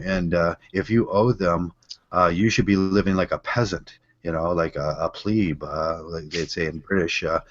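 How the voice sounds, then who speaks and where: A man's voice: sits low, no room sound, lo-fi sound. An American man telling stories in a casual group chat, rambling with frequent fillers. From United States.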